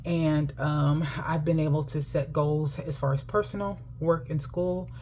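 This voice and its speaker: A woman's voice: low voice, steady tone, a little slow, warm tone, a little hiss or hum. A middle-aged woman telling a personal story while chatting casually to camera about her finances, laughing often.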